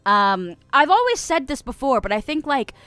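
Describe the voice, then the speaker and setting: Soft-voiced, giggly streamer woman. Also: sits high, big pitch swings, moderate pace, clear, resonant tone, dry recording. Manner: giggly, playful, frequent laughter; soft-spoken. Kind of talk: casual live-stream chat reading comments.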